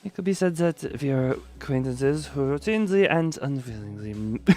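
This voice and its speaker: A text-to-speech voice of a woman speaking as a calm, precise female sinner from a game, with formal, measured phrasing. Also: very deep voice, faint music behind. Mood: coolly formal.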